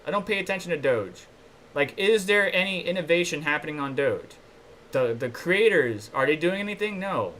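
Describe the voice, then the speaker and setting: A man with a fairly high voice hosts a casual crypto news livestream. He reads news articles aloud, then breaks off to chat loosely with his viewers. A faint hiss sits behind his voice. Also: expressive, moderate pace, a bit bright. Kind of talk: casual live-stream commentary, reading news articles aloud.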